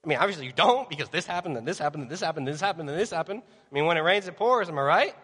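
High-voiced preacher in a reverberant hall. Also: male voice, very fast, hardly any pauses, breathy edge. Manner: animated, acts out voices of worried people and Jesus; asks the audience direct questions. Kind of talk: sermon. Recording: long reverb of a large hall.

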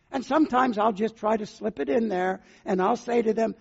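A man's voice: high voice, a little fast, vocal fry, few pauses, breathy edge. An older man preaching a sermon as a pastor, earnestly putting questions to his listeners. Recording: muffled sound with long hall reverb.

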